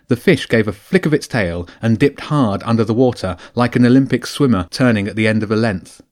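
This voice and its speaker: A man narrating a children's adventure audiobook with a lively, expressive reading. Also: on the low side. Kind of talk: storybook narration.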